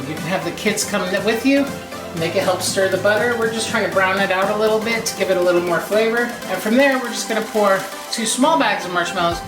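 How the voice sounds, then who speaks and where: A woman hosting a children's program, reading a story and leading a cooking demo in a playful, sing-song way that speaks straight to the kids. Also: medium pitch. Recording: roomy, distant mic with music behind.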